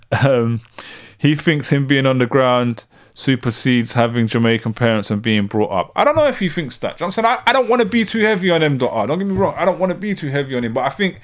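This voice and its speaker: A man, giving a thoughtful live reaction commentary and often checking in with the viewers. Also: mid-range voice. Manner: thoughtful, measured, frequent "you know what I'm saying". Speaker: streamer reacting to clips.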